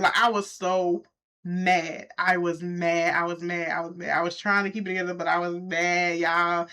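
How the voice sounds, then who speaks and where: Animated woman telling a story. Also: normal speed. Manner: animated, talks straight to viewers, jumps high when quoting. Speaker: vlogger. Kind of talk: casual storytelling to camera.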